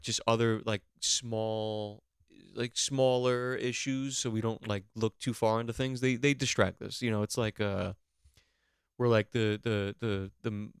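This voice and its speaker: A man's voice: mid-range voice, smooth, dry recording, clean studio sound. A young man hosting a podcast, riffing in a rambling, profane, comedic monologue full of fillers. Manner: rambling, profane, lots of fillers and mock voices. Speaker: podcast host.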